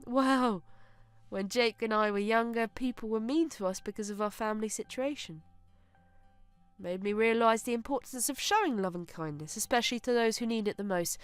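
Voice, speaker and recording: A woman narrator voicing a shy, grateful young woman who speaks in a soft, earnest way. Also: fairly high pitch, normal speed, clear, resonant tone, dry recording, natural voice. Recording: dry close narration with soft music.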